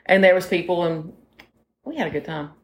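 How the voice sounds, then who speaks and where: Chatty woman in her forties, lowish voice. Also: fairly quick. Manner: rambling, chatty storyteller who talks to listeners directly. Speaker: podcast co-host. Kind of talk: casual chat.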